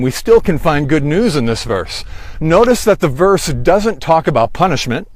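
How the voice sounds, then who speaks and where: A man giving a sermon, slow and deliberate, rising on emphatic phrases. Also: fairly high pitch, no room sound. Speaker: pastor.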